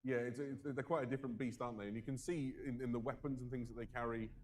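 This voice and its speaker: A man's voice: medium pitch, steady tone, fast talker, a little mellow. A man presenting a live product reveal, enthusiastic but hesitant and full of fillers.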